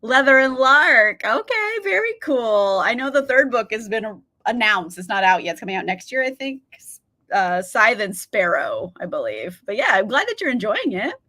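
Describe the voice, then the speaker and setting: A woman's voice: fairly high pitch, very animated, moderate pace, bright, forceful tone. A woman in her thirties hosting a casual reading livestream, chatty, swearing casually and laughing often as she reads out chat replies.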